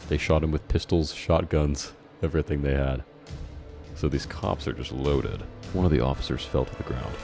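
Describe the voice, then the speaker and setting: A man's voice: extremely low pitch, normal speed, creaky, dark tone, husky. A man reading his childhood horror story aloud and mocking it with sarcastic, amused asides. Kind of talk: dramatic reading with comic commentary. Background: faint background music.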